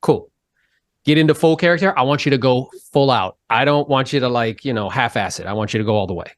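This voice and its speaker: A man hosting a podcast, talking in a casual interview style, animated and emphatic as he pushes his pitch up to stress points. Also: fast. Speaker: podcast host.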